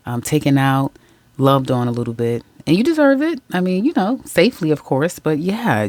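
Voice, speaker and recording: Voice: medium pitch, a little mellow, dry recording. A tarot reader giving a casual general reading to viewers, chatty and candid, often laughing and correcting their own slips, calling listeners guys, ladies and baby.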